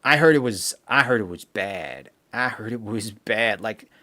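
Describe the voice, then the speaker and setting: A man's voice: on the low side, lively intonation, measured pace, sharp tone. A man hosting a live stream, chatting casually and reading viewer comments aloud with lots of fillers. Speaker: livestream host.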